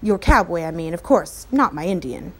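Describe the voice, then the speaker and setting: A woman's voice: on the low side, expressive, moderate pace, breathy edge, voice pushed down. A woman doing an earnest, firm young boy. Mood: insistent.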